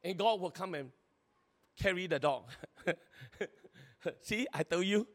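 A man preaching a sermon in a lively, chatty way, laughing often and acting out little scenes. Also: high voice, takes it slowly. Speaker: pastor. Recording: long hall reverb.

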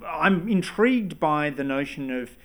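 A man's voice: a little high, lively intonation, measured pace. A man hosting a podcast, asking his guest questions in a wry, articulate way. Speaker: podcast host. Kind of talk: interview questions.

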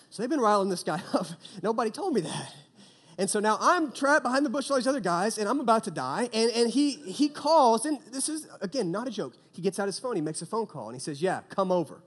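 A young man preaching to a youth group, telling a comic story with acted-out quotes before turning to prayer. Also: high voice. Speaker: youth pastor.

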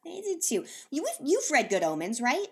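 A woman's voice: high voice, big pitch swings, normal speed. A woman co-hosting a podcast in casual chat, jokey and swearing casually. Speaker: podcast co-host.

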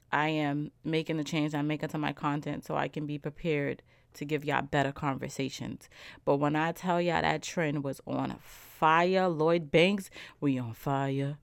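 A young woman talks through a casual solo podcast. She is animated and slangy, driving her points home with repeated "okay?" over a dry, close sound. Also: low voice, vocal fry, no echo. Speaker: podcast host.

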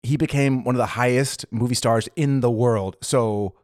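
A man's voice: medium pitch, fairly even intonation, moderate pace, darkish tone, dry recording, clean studio sound. A man co-hosting a podcast in casual chat, laughing often and talking with lots of fillers and restarts. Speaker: podcast co-host.

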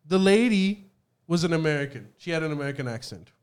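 A man's voice: fairly high pitch, lively intonation, quick pace, clear, resonant tone. A man in casual chat, telling stories animatedly and swearing freely.

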